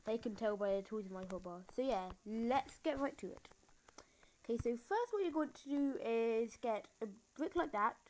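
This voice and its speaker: A woman's voice: a little high, a little hiss or hum, poor audio. Rambling female game tutorial voice. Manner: rambling, filler-heavy, self-mocking. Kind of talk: casual building tutorial commentary. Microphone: phone screen recorder mic.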